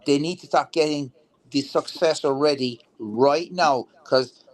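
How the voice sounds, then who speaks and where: A man's voice: on the high side, unhurried. A man talking politics heatedly and bluntly, swearing and restarting his sentences often. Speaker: veteran political talk show guest.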